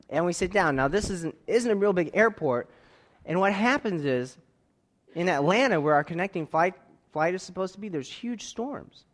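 Man, storyteller, slightly higher voice, lively and expressive, acts out the lines he quotes. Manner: acts out dialogue, laughs while telling; expressive, swings between quiet asides and loud outbursts. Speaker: speaker telling a personal story to an audience. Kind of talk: animated storytelling.

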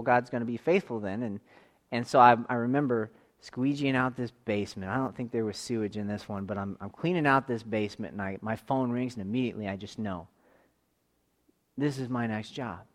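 Earnest man preaching a sermon. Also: medium pitch. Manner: earnest, swells louder on emphasis and drops to a hush. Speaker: pastor. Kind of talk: sermon with personal testimony.

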